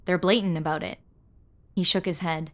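A woman reading a first-person audio story as narrator, in a measured, wry storytelling manner. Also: on the low side, fairly even intonation, fairly bright tone.

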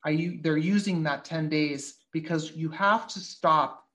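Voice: medium pitch, a little slow, fairly bright tone. A podcast host in casual political talk, blunt and swearing freely, working through a speech line by line.

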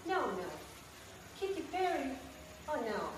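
A woman's voice: high-pitched, very animated, unhurried. A woman playing a flirty, vain mistress who fishes for compliments. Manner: coy, fishing for compliments. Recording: echoey room heard from far off with background noise.

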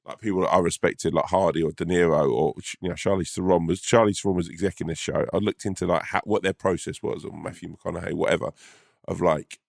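Man, low pitch, gravelly, dry close sound, relaxed chat. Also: fast talker, dry recording. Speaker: podcast co-host. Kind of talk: casual chat.

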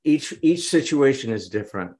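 Male guest, mid-pitch, chatty storyteller who acts out quotes. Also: moderate pace. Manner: animated, dramatizes quotes. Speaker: business consultant guest. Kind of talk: conversational storytelling.

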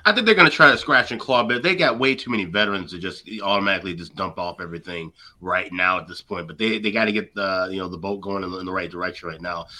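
A deep-voiced man talks fast in casual sports betting chat. His tone is sharp and forceful. He packs his talk with fillers and quick restarts. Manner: rapid, filler-heavy, restarts often.

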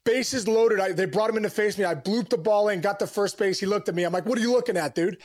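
A middle-aged man, a former ballplayer, telling lively stories as a podcast guest, calling people bro. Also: high voice, fast talker. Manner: energetic, storytelling with acted asides, calls people bro. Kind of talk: casual interview.

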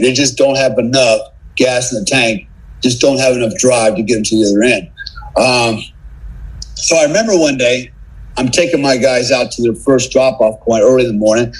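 A middle-aged man with a husky, slightly breathy voice at an ordinary male pitch tells a story as a podcast guest. He slips into other people's lines as he goes, laughs between phrases, and keeps pulling the listener along with "right?". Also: poor audio. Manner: animated storyteller who acts out dialogue, laughs often, tags lines with "right?". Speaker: podcast guest, former special forces soldier. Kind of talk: casual storytelling in conversation.

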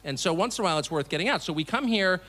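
Man, middle-aged, from the US, public speech, sardonic, emphatic, very animated pitch, bright edge. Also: rapid-fire. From United States. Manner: sardonic, mocking asides. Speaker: television host giving a speech. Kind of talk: public speech to a live audience. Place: event hall before an audience.

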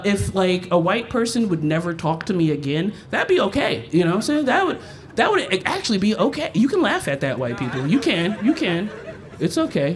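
Lively, animated woman comic on stage. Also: fairly high pitch, slight background noise. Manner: animated, profane, mimics others mid-story. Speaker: stand-up comedian. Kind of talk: live stand-up set. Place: stage at a live festival event.

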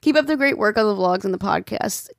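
A woman's voice: medium pitch, expressive, fast, gravelly, dry recording, clean studio sound. A woman co-hosting a casual podcast, reading listener emails aloud and chatting, swearing freely and laughing often. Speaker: podcast co-host.

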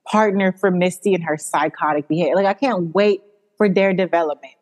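A woman hosting a podcast, talking in an animated, emphatic casual chat and swearing freely. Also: fairly low pitch, a little fast. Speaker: podcast host. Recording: long hall reverb.

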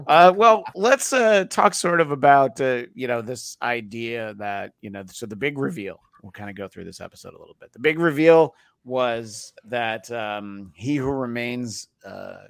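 A man leads a relaxed panel discussion, voice sitting low with a gravelly edge. He wanders through his questions with plenty of fillers and restarts. The sound is dry and close, with no room around it. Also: dry recording. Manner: rambling, many fillers and restarts. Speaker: podcast host. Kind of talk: casual panel chat.

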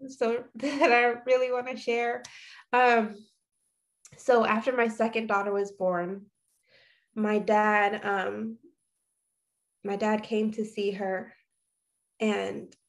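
A woman in her thirties with a fairly high voice tells a personal story in casual conversation. Her delivery is reflective and halting, with sentences often restarted. She sounds like a guest sharing a memory.

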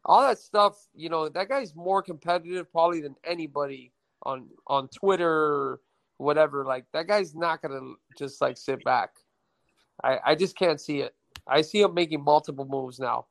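A man's voice: on the high side, moderate pace, gravelly, dry recording, poor audio. A man with a slightly raised voice rambles through casual sports chat, piling up fillers as he thinks aloud. The sound is dry and close, with no room around it.

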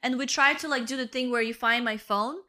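Bright high-voiced young woman telling a story. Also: fairly quick. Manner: storytelling, swears, says "bro" and "right?". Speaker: podcast co-host. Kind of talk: casual chat.

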